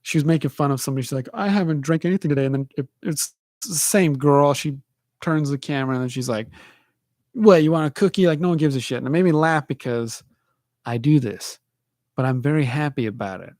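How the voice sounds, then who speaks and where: A man hosting his own podcast, telling rambling self-deprecating stories alone, with halting restarts. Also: medium pitch, darkish tone, no echo, clean studio sound. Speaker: podcast host. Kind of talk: rambling solo monologue. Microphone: livestream mic.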